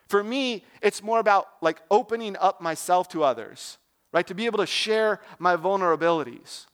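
High-voiced young man preaching casually. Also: a bit bright. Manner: conversational, asks the audience questions. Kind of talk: casual sermon.

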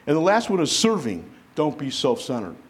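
A man preaching a sermon to a congregation, lively and conversational, acting out the voices of people he quotes. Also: a little high, normal speed. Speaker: pastor.

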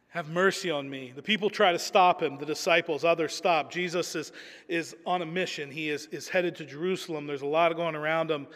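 A man's voice: a little high, steady tone, brisk, fairly bright tone, long reverb tail. A man preaching a sermon in an earnest, emphatic way, often repeating words as he builds a point.

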